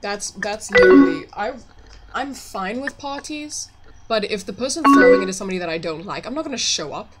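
A young woman casually commenting on a game, reading choices aloud and thinking out loud in a wry, chatty way. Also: medium pitch, expressive, fast, hardly any pauses. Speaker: let's play gamer. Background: background music.

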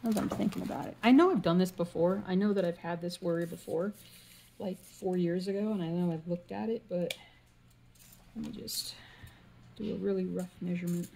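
Woman crafter, lowish gravelly voice, rambling casual chat with faint hiss behind. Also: fairly even intonation, brisk, dark tone. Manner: rambling, thinks aloud, hums and mutters to herself. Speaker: cross stitch vlogger. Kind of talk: casual chat while stitching.

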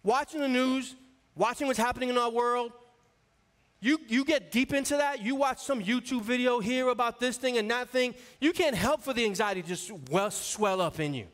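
High-voiced pastor preaching in a reverberant church. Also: male voice, moderate pace, a bit bright. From New York area. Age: 40s. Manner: conversational, storytelling, calls out to the congregation. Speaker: associate pastor. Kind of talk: sermon. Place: church sanctuary. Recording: long reverb of a church hall.

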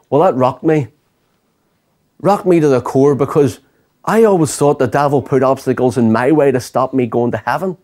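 A man's voice: mid-range voice, normal speed, a little mellow. A pastor telling his life story as an earnest personal testimony. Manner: earnest storytelling, quoting himself and others.

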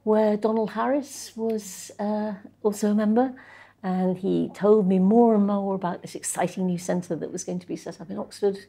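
An older woman in an interview, telling stories about her research career in a chatty, anecdotal way, with soft laughs and frequent pauses. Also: medium pitch, steady tone, gravelly. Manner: anecdotal, chuckling, with frequent ums and restarts. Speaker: interviewee, social policy researcher. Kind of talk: reflective conversational interview.

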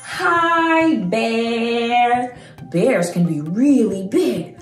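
A young woman presents a children's learning video as its educator host, sing-song, exaggerated and playful. Her voice is on the high side and slow-paced, recorded in an echoey room with faint music.

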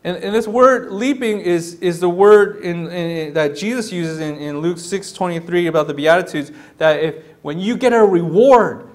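High-pitched guy preaching, chatty and lively, keeps repeating himself, does little voices for the people in the story. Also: moderate pace, few pauses. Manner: animated, repeats words, acts out quoted voices. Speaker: pastor. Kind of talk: sermon.

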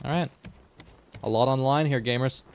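A man's voice: medium pitch, brisk, slight background noise. A man streaming a game live, chatting and joking with his co-player and chat. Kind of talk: casual livestream gaming chat.

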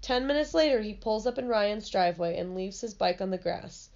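A woman reading a children's chapter book aloud, pausing to explain lessons plainly, in a slightly muffled recording. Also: mid-range voice, fairly even intonation, creaky, a little mellow. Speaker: storybook reader.

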